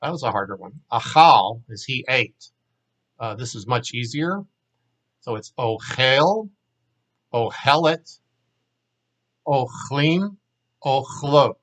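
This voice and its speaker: A man's voice: medium pitch, expressive, slow, pauses often, fairly bright tone, low-quality recording. A man teaching a language lesson, patiently walking learners through verb forms and repeating each word for them. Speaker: Hebrew teacher.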